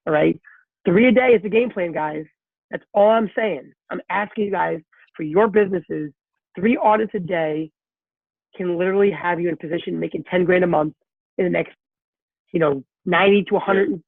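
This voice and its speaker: A man's voice: high voice, gravelly, breathy edge, no room sound. A man as a sales coach leading a group conference call, giving a direct, repetitive pep talk. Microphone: conference call line. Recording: tinny phone-line call audio.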